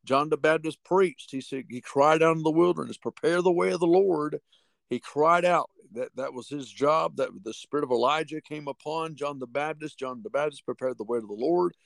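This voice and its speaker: A man preaching on a podcast, teaching from the Bible with fervent conviction, reading scripture slowly and repeating key phrases. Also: on the high side, gravelly, fairly bright tone, no echo.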